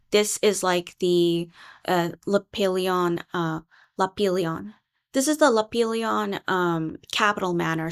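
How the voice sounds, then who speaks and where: A woman casually recapping a webtoon in a chatty, rambling way, with lots of fillers and the odd swear. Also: medium pitch.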